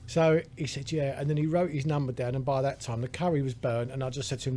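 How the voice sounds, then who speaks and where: A man's voice: medium pitch, steady tone, quick pace, few pauses, warm tone. A man telling a rambling story in casual pub-style podcast chat. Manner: chatty storyteller, laughs a lot. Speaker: podcast co-host. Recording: faint background noise.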